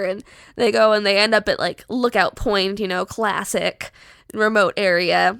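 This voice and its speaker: A young woman podcast host casually pitching a horror story, chatty and animated with lots of filler words. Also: moderate pace, creaky, smooth, no echo, studio quality.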